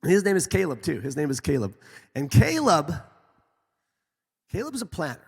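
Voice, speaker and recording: Gravelly-voiced male pastor, lively. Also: normal speed. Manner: animated storytelling, lively swings in pitch. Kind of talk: sermon with personal stories. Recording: echoey hall.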